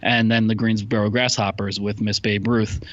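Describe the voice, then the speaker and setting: A man co-hosting a podcast in casual chat, talking haltingly with many fillers and restarts. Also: on the low side, level tone, dry recording, dull audio. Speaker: podcast co-host.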